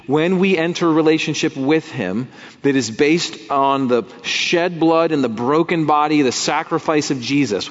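A man preaching a sermon in a conversational way, with vivid everyday images. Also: a little high. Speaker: pastor. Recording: dull sound with long hall reverb.

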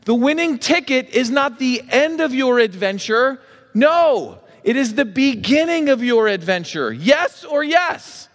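A man with a high, light voice preaches a sermon, spinning an imagined conversation and playing both parts with animated swings. His words ring out with a long reverb through a large church sanctuary. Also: unhurried. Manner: lively storytelling, acting out both sides of a made-up conversation. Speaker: pastor.

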